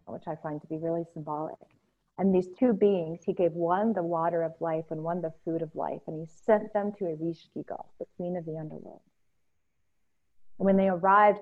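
A woman telling a myth alongside her own story, reflective and slow, pausing often. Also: fairly low pitch. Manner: slow, reflective, with pauses and fillers. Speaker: speaker sharing a personal story. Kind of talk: reflective personal storytelling talk. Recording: phone-like narrow sound.

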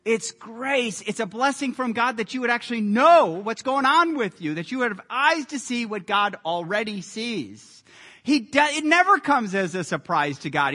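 A male pastor delivers a sermon with earnest, emphatic conviction that swells to loud peaks. His voice sits high and rings bright. The sound carries the long reverb of a large hall. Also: expressive, normal speed. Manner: earnest, emphatic preaching with rising intensity.

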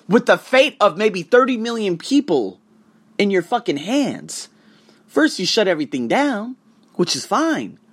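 A man vents to his audience in a loose, profanity-laced rant. His somewhat high voice swoops widely, bursting loud and then dropping to a hushed mutter. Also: husky. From United States. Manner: animated, heavily profane, swings between loud outbursts and hushed asides. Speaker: vlogger and online teacher. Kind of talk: casual profane rant to camera.

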